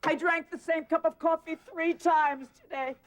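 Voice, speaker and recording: A high, piercing woman's voice carries this theatrical, relentless petitioner through a film scene. She wails, pleads and accuses, and she will not take no for an answer. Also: fairly even intonation, normal speed, noisy background. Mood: melodramatic. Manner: theatrical, wailing, relentlessly insistent. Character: pushy, melodramatic woman pestering a bank. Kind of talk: film acting.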